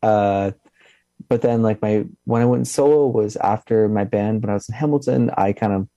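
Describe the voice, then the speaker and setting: A young man answers interview questions about his music. His low, mellow voice has a slight lisp, and he pauses and restarts often. The sound is dry and close. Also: no echo, highs cut off. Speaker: musician guest.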